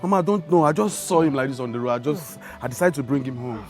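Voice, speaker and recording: A man's voice: mid-range voice, lively intonation, fast talker, natural voice. A man playing a soothing Nigerian son. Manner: soft, repeating reassurance. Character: young man soothing his mother. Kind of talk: film acting. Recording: music behind.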